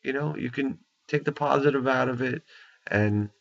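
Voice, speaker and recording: A man's voice: medium pitch, moderate pace, vocal fry. A man in an angry, profane rant, blunt and repetitive, tagging his points with "okay?" and "you know". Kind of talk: angry opinion rant to camera. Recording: dull lo-fi recording.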